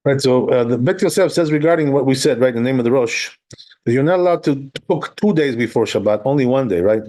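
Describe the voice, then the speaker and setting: A man teaching a religious text class in a casual, talky way. His voice is mellow and dark, never sharp. He reads a line of text, then explains it, and keeps asking "right?" along the way. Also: mid-range voice, a little fast. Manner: explains step by step, often checking with "right?"; reads Hebrew and Aramaic text, then translates. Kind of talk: conversational Torah class.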